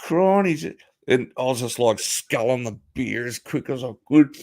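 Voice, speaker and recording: A man tells a rowdy story over a call, swearing freely and chuckling at his own punchlines. His voice sits at an ordinary middle pitch. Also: animated, measured pace, a little mellow. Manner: crude, swears a lot, laughs while telling. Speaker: podcast host telling a story. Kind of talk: casual storytelling chat.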